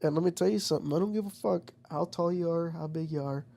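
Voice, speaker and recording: Man, casual vlogger, gravelly and slightly high, swears constantly, rambles. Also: quick pace. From United States. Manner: profane, rambling, animated storytelling. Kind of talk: casual chat.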